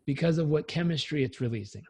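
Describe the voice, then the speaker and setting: A man, a life coach, telling stories in a casual interview, energetic and blunt, swearing freely. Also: fairly high pitch, fast talker, breathy edge, no echo.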